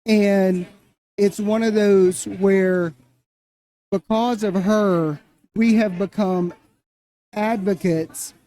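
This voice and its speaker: A middle-aged man speaking as a guest in an interview, earnest and halting, often repeating phrases. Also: high voice, steady tone, dark tone. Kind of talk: casual interview.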